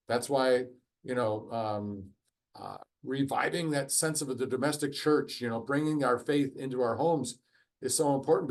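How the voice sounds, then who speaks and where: A man leads a group discussion in an online course, talking over a video call. His voice sits at an everyday middle pitch. He speaks conversationally, with plenty of ums and uhs. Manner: conversational, frequent fillers. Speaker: course facilitator.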